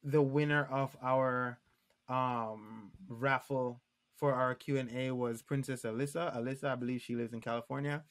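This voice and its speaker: A man's voice: medium pitch, steady tone, normal speed, a bit bright. A man in his late thirties co-hosting a podcast, chatting casually with lots of ums and restarts. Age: 30s. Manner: rambling, many ums and restarts. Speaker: podcast co-host. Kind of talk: casual chat.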